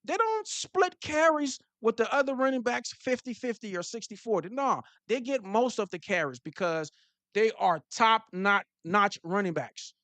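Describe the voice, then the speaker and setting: A man with a high-pitched voice hosts a casual football talk show, chatting to live viewers at a normal speed. He's animated and slangy, restarting his sentences again and again, with no room sound on the recording.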